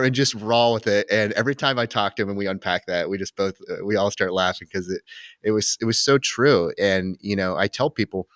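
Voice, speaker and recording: Deep-voiced man talking reflectively. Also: a little fast, a bit bright, no room sound, studio quality. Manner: reflective, rambling with many restarts. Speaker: podcast host. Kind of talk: casual conversational interview.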